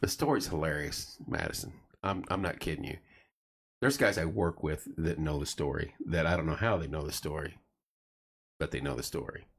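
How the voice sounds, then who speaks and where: A husky bass voice at normal speed belongs to a middle-aged man hosting a casual late-night chat show. Telling his stories with animation, he acts out the voices of the people he quotes.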